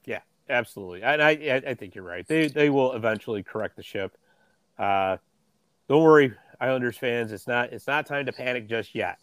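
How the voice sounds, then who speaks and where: A man's voice: mid-range voice, animated, brisk, a bit bright, no room sound. Agreeable man in casual hockey chat. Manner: agreeable, chimes in with short affirmations. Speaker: sports podcast co-host.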